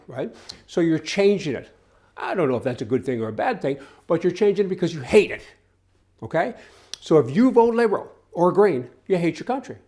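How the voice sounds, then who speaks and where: A man's voice: fairly high pitch, dark tone. An older man hosting a rambling, sarcastic political commentary monologue in a folksy way. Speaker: host.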